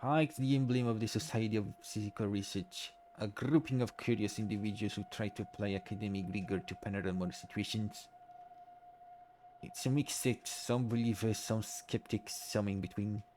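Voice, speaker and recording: A man's voice: lowish voice, fairly even intonation, moderate pace, darkish tone, a little hiss or hum, close to an everyday voice. A man voicing a formal, polite male French academic who hunts frauds, with a put-on French accent, reading game dialogue aloud. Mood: courteous.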